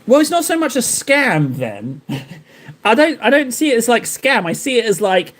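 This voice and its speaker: A man's voice: extremely high pitch, sing-song, moderate pace, a bit bright. A man chatting casually on a live stream while painting miniatures, rambling and joking in reply to his viewers. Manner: rambling, joking replies to chat.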